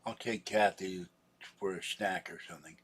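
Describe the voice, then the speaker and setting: A man's voice: deep voice, fairly even intonation, normal speed, fairly bright tone, husky. A man vlogging in a rambling, casual chat, grumbling and chuckling to himself.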